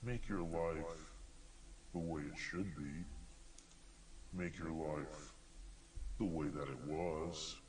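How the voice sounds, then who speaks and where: Analog horror TV entity, male, very deep and slow, coaxing, as a man voices it. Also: fairly even intonation, distant mic, a crowd in the background.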